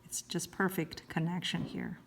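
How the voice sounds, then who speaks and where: A woman teaches handwriting, talking slowly and carefully as she writes each stroke. Her voice sits a little low and stays calm and even. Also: vocal fry, slight background noise. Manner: calm, slow, careful explanation while writing. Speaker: Chinese writing teacher. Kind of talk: step-by-step handwriting lesson.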